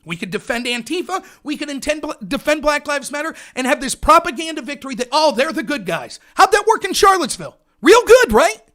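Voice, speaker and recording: An American man hosting a livestream, delivering an angry, profane political rant that often breaks into shouting. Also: very high voice, sing-song, a little fast, hardly any pauses. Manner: furious, profane, shouting at viewers.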